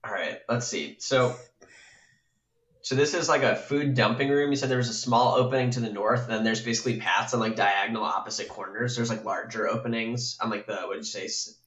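A man's voice: mid-range voice, steady tone, fairly quick, fairly bright tone. A man playing in a tabletop game, casual and joking, often laughing. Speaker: player. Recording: roomy, dull lo-fi sound.

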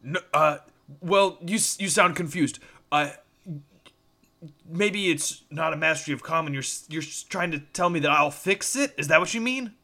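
A man's voice: fairly high pitch, moderate pace, sharp tone. A man playing a character in a tabletop game, speaking playfully and swearing, with lots of stammering. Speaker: player. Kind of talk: in-character tabletop role-play.

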